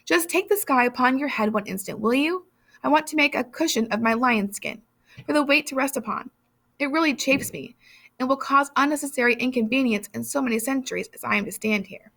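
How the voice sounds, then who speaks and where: A woman reading aloud, voicing a brash, impatient young male strongman who shouts and uses casual slang. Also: sits high, fairly quick, creaky, voice pushed up, full character voice. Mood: wrathful.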